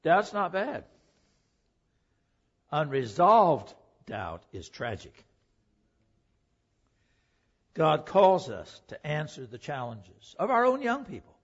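A man preaching a sermon, emphatic, swinging between loud declaring and hushed, quiet passages. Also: fairly high pitch, very animated, takes it slowly, breathy edge. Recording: dull lo-fi recording.

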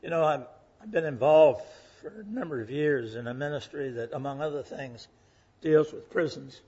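A man's voice: on the high side, moderate pace, dark tone, slightly rough. A man, preaching a folksy, earnest sermon full of stories. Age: 80s. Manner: folksy, earnest, acts out quoted voices. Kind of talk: sermon with storytelling. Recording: muffled lo-fi recording.

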